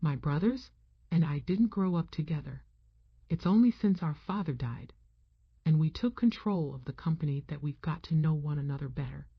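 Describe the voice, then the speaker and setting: A woman voicing a suave, wealthy half-Italian man who speaks calmly and dryly, in a husky, low voice. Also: normal speed, dry recording, exaggerated voice. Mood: guarded. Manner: calm, dry, understated. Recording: dull, muffled dry sound.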